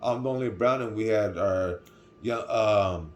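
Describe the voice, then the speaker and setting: A middle-aged man with a Californian accent recounts a story to the camera in a loose, rambling way, circling back on himself. His voice sits low. A faint hum of ambience runs underneath. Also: a little slow, muffled recording. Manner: rambling, full of restarts and "right?" asides. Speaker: vlogger.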